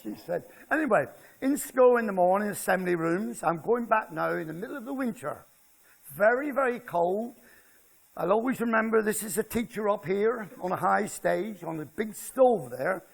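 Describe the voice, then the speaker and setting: Speaking in a high, gravelly voice, an older Devon man with a West Country accent entertains a seated festival crowd with humorous country tales. He's a chatty, joking author who keeps drawing his listeners in as he goes.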